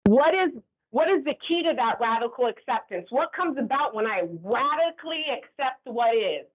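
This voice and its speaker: A woman leading a staff training class. She talks in a lively way and keeps checking in with the group. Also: sits high, normal speed, breathy edge. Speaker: workplace trainer. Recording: tinny phone-like recording.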